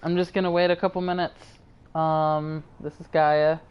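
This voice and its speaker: Low-voiced rambling woman streamer. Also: little pitch movement, moderate pace, smooth, highs cut off. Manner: chatty, rambling, warm toward viewers. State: tired. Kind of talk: casual live-stream chat.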